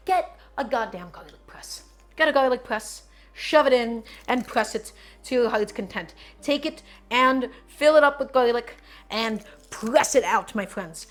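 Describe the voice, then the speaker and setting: A woman hosting a cooking stream, chatting casually and playfully to her viewers as she cooks. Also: a little high. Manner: chatty and playful, often says "my friends".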